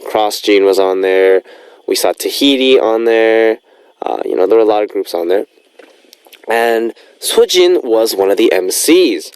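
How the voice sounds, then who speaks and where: A man's voice: lowish voice, darkish tone, clean tone, dry recording. Chatty young man DJing the radio. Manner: rambling and chatty, with many fillers. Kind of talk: casual radio chat.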